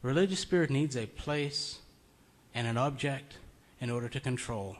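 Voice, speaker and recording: Folksy man preaching conversationally. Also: on the high side. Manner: conversational, storytelling, chuckles often. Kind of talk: informal sermon. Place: meeting room.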